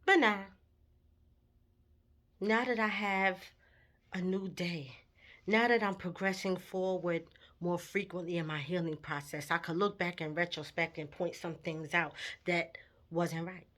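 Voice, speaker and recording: A woman's voice: on the low side, fairly even intonation, a little slow, fairly bright tone. A woman telling a personal story in a candid, emotional vlog, with her intensity rising at times. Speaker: vlogger.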